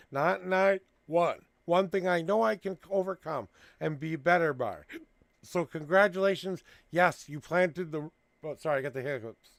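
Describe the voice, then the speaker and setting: A man's voice: high voice, vocal fry, no echo. A man hosting a live tarot reading from home, counting out cards and then giving earnest spiritual encouragement and blessings. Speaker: tarot reader hosting a livestream. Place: at home with a cat.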